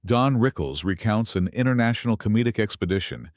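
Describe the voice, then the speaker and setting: A man reading scripted narration with even, announcer-like phrasing. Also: fairly low pitch, brisk, no room sound. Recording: muffled lo-fi audio.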